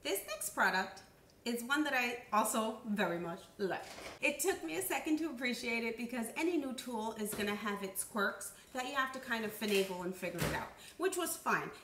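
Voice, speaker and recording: A woman's voice: a little high, fairly bright tone, echoey room, far from the mic, slight background noise. A woman hosting a casual sewing product review vlog in a chatty, jokey way, speaking to viewers as her friends.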